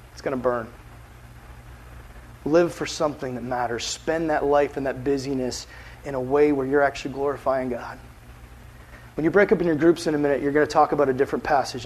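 Man, youth pastor, casual animated sermon, husky, high voice. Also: poor audio. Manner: casual, animated, filler-heavy preaching.

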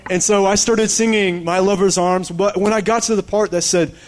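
A man with a fairly high voice preaches in a loose, conversational way, drifting off on tangents before pulling back to his point. He gets animated and urgent as he presses his listeners. Soft guitar strumming plays faintly behind him. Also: normal speed. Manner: casual, rambling, animated. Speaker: pastor. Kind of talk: sermon.

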